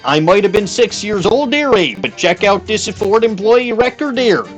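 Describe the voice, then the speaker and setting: A stubborn, boastful Canadian guy, as a man puts him on while streaming a game. His voice sits a little high and swings widely, and he tacks "there, eh?" onto every line in a heavy put-on Canadian accent. Quiet game music plays underneath. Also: animated, normal speed. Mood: hammy folksy. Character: folksy exaggerated Canadian man, stubborn braggart.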